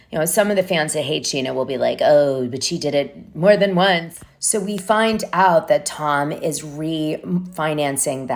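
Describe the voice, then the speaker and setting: Low-voiced woman gossip host. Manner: chatty, rambling storyteller. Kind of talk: casual reality-TV recap.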